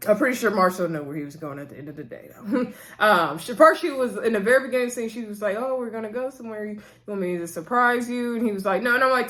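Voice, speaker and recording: A woman's voice: mid-range voice, quick pace, fairly bright tone. A woman chatting casually as she recaps a TV episode, retelling scenes in quoted back-and-forth with sassy asides. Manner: sassy asides addressing cast as "girl". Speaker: TV recap vlogger.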